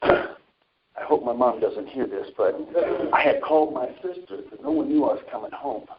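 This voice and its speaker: A man's voice: mid-range voice, normal speed, dull audio. A man preaching informally on a Christian talk show, telling stories from his own life and reading scripture. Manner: animated storytelling with scripture readings.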